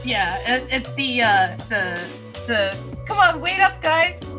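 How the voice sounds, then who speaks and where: A woman hosting a stream while drawing, upbeat and a little halting. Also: on the high side, big pitch swings, bright, forceful tone. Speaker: stream host and artist. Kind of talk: casual chat. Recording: faint background music.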